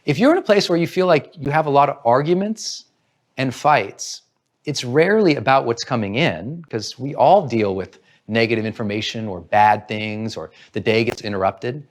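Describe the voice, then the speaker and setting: A man's voice: medium pitch, animated, moderate pace. A man giving an earnest motivational talk, coaching listeners and acting out their inner voices. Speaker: motivational speaker.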